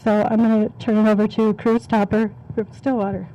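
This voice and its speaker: A woman's voice: medium pitch, level tone, fairly quick, warm tone, muffled recording. A woman hosting a community event, introducing the next speaker in a conversational, plain way. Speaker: event host.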